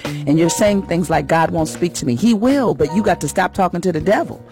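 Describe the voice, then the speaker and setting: A woman's voice: fairly low pitch, lively intonation, fairly quick, music in the background. Earnest preacherly woman radio host. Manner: warm, earnest, preacherly, rising in emphasis. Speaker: radio host giving a faith message. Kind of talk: inspirational radio talk.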